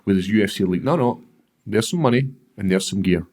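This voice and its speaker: Scottish man, low voice, podcast guest, lively storytelling, acts out voices, swears often. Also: quick pace. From Scotland. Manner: animated storyteller who acts out other people's voices and swears freely. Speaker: guest, professional fighter. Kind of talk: casual storytelling in a podcast interview.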